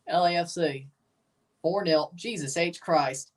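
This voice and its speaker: A woman's voice: on the low side, a little slow, distant mic. A woman hosting a casual livestream watchalong, calling scores and plays in an offhand way and swearing at big moments. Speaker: watchalong host. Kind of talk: casual live match commentary.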